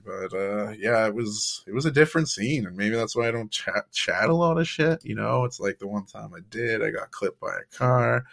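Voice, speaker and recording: A man's voice: on the low side, vocal fry, a bit bright. A young man with a laid-back, chatty manner, hosting a casual sports podcast and telling stories with easy laughs. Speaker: podcast host. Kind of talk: casual sports recap and storytelling.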